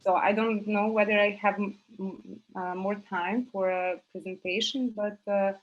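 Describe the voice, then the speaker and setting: A woman's voice: medium pitch, fairly even intonation, moderate pace, dull audio. Hesitant woman presenting on a video call. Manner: hesitant, many fillers and restarts. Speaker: university teacher presenting a publication.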